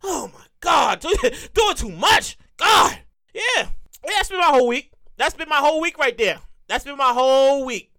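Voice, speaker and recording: A man hosting his own comedy show, telling a profane, excitable rant full of repeated lines. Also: extremely high pitch, moderate pace. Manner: profane, excitable ranting with lots of repetition.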